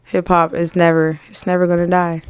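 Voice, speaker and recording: Woman, low voice, dry, talks blunt and emphatic in studio chat. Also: completely flat delivery, a little fast, clear, resonant tone, no echo. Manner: blunt, emphatic, joking, slangy. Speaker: music manager and podcast guest. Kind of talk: casual podcast chat. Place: podcast studio.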